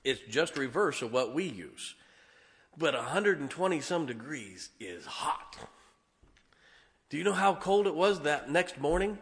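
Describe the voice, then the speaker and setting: A man preaching as a Baptist pastor, telling animated personal stories and asking his congregation to listen up. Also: fairly high pitch, unhurried. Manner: animated storytelling, keeps asking the congregation "can I tell you something". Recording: long reverb of a large hall.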